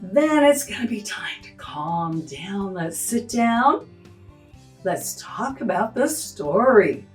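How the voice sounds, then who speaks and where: A woman's voice: medium pitch, sing-song, takes it slowly, echoey room, recorded from a distance. A woman music teacher walking through a lesson, acting out animal sounds as she explains. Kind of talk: teaching tutorial.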